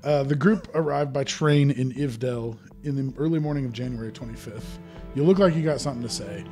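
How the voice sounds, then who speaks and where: Joking young podcast host, rambling. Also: male voice, medium pitch, fairly quick, a little mellow, soft background music. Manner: joking, rambling, laughs often. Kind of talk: casual podcast chat.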